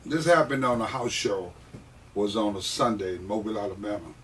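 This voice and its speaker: A man telling stories from his wrestling career in a casual interview, animated and often laughing. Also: lowish voice, fairly quick, distant mic, slight background noise. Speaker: guest, wrestler.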